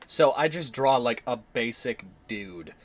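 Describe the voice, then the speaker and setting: A man's voice: mid-range voice, lively intonation, a little slow. A man in his twenties chatting casually on a stream, rambling, swearing freely and laughing often. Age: 20s.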